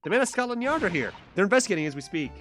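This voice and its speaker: A man's voice: high-pitched, racing, soft background music, pitched above the performer's own voice. A man doing an eager young woman assistant. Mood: excited. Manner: excited, polite.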